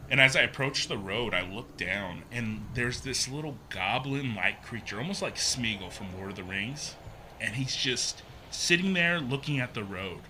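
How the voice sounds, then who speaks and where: A man speaks as a podcast guest in a loose, animated storytelling style. His voice is notably bright and sharp, at a middling pitch. He slips into the voices of the people he quotes and leans on casual fillers. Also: slight background noise. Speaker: podcast guest, haunted maze builder.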